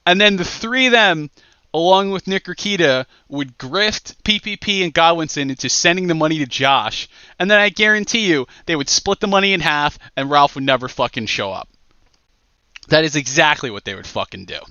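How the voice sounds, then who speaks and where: A man hosting a podcast, ranting loudly with heavy profanity and mockery. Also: on the high side, lively intonation, moderate pace, clear, resonant tone, no room sound, lo-fi sound. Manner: loud, profane, mocking rant. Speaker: podcast host.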